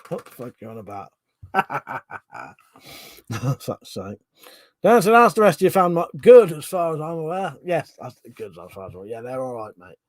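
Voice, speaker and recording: A man's voice: on the high side, very animated, normal speed, no echo. A man, hosting a casual livestream, reading out viewer comments, swearing freely and laughing often. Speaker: livestream host.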